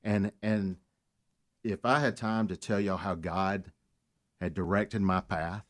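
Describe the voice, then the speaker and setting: A man's voice: low-pitched, steady tone, slow pace. A man, a guest on a talk radio show, telling his story earnestly and mentioning his faith.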